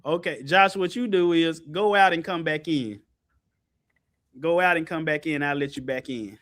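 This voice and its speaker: A man teaching Bible study in an animated, colloquial way, speaking on a video call. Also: normal speed. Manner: lively, colloquial, jumps high in pitch for emphasis, laughs often.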